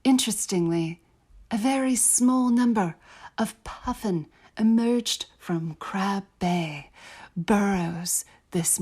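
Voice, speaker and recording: A woman attempting a genteel British lady reading her diary, slow and half-whispered. The accent is attempted British and keeps drifting Australian. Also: medium pitch, darkish tone, breathy edge.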